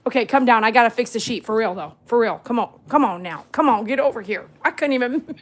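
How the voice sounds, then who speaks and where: A woman with a high, bouncy voice talks to her dogs at home. She scolds them in a playful tone and breaks into laughter often. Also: expressive, fairly quick. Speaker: vlogger, dog groomer. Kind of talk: casual talk to her dogs. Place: at home indoors.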